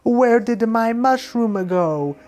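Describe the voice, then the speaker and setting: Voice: mid-range voice, expressive, slow pace, darkish tone, pitched above the performer's own voice. A vlogger putting on a cartoon plumber voice for a joke parody, talking in mock broken English over faint background music. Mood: exclaiming. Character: Mario as a brash cartoon plumber.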